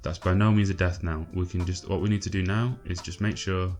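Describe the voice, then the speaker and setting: A low-voiced man talks through his game in a loose, chatty way. He sounds exasperated, swears freely and fills gaps with ums. Faint music plays underneath. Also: fairly even intonation, fairly quick, darkish tone. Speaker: gaming channel host. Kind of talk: casual gameplay commentary.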